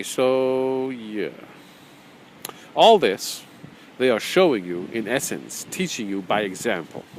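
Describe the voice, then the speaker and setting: The roughly recorded audio carries a medium-pitched man teaching an informal course on spirituality, with slight background noise. He talks conversationally, repeats himself, chuckles a lot, and at times reads from a book he wrote.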